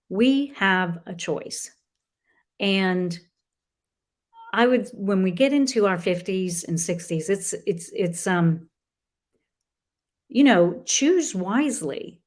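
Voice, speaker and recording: A middle-aged woman, a guest author in a conversational interview, who talks in an earnest, halting way with many restarts. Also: mid-range voice.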